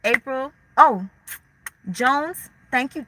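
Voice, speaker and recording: A woman's voice: medium pitch, normal speed, pushed and bright, a little hiss or hum, rough recording. A young woman hosting a casual livestream, talking candidly in slang and answering viewers' chat comments as they come in. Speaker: livestream host.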